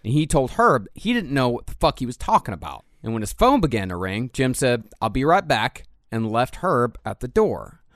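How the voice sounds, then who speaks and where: A man's voice: medium pitch, very animated, moderate pace, hardly any pauses, dry recording, clean studio sound. A man hosting a true crime podcast, narrating the case bluntly with profane asides. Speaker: podcast host.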